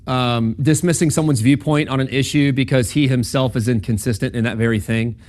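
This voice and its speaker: A young campus ministry speaker teaching logic gives a casual classroom lecture, talking conversationally with lots of ums and okays and checking in with his listeners. His mid-range voice is fairly even in intonation, fairly quick, and darkish in tone.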